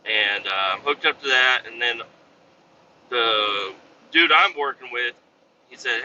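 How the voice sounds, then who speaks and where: Inside his truck cab, a truck driver rambles through a story about his job, swearing casually and acting out coworkers in a raised voice. His voice is medium-pitched and sharp at a moderate pace; the recording has the highs cut off and a little hiss or hum.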